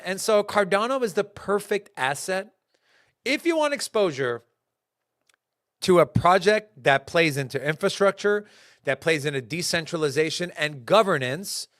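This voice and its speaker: A fairly high-voiced man hosting a casual market show. He talks emphatically, with slang and animated swings of energy. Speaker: host.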